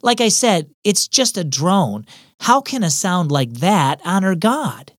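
A man's voice: sits high, big pitch swings, slow, no echo, clean studio sound, heavily acted. A man voicing a young girl who sulks about her boring choir part, with a whiny, pouting manner. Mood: sulky.

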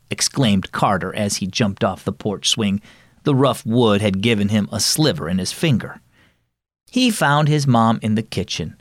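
A man's voice: fairly low pitch, expressive, moderate pace, no echo, studio quality. A man hosting a children's devotional, narrating the story and its lesson. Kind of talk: scripted narration.

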